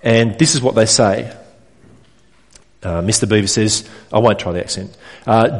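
A man's voice: fairly low pitch, normal speed, pauses often. A man preaching a sermon to his congregation, earnest and direct, often putting questions to his listeners. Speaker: pastor. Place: church hall. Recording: reverberant church hall.

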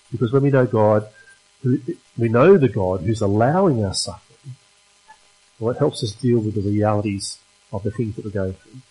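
A man's voice: medium pitch, low-quality recording. A man preaching a sermon at a church service, emphatic and putting rhetorical questions to the congregation.

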